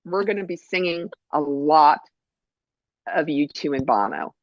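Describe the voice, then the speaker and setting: A woman's voice: sits low, sing-song, a little slow, dry recording, lo-fi sound. A woman co-hosting a live holiday TV show, teasing her partner and full of exclamations. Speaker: co-host.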